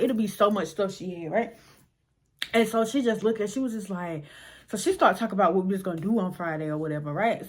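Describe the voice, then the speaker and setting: A young woman vlogger telling a casual storytime tale, animated and slangy, acting out the people in it. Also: mid-range voice, slightly rough. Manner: animated, slangy, acts out voices.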